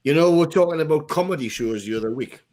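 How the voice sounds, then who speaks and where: A man's voice: a little high, expressive, fast, a little mellow. A middle-aged man with a Geordie accent co-hosting a casual chat, rambling and joking at his own expense. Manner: rambling, jokey, self-deprecating. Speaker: podcast co-host.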